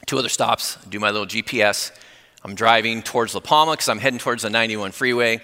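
A man preaching a sermon, animated as he tells a personal story and acts out the dialogue. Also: fairly low pitch, fast talker, big-room sound. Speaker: pastor.

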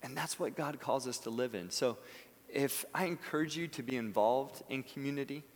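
Man, pastor, sermon, earnest, swells to emphatic peaks then goes soft, mid-pitched voice, long hall echo. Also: normal speed.

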